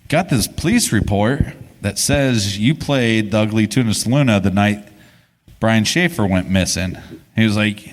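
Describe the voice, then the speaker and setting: A man co-hosts a live podcast before an audience. His low voice rambles casually, full of restarts and swearing. The hall adds a long reverb tail. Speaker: podcast co-host. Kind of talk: live podcast storytelling on stage.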